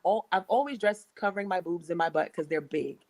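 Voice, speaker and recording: Casting: young woman from the US, lowish voice, blunt and profane, casual chat. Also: brisk, darkish tone, low-quality recording.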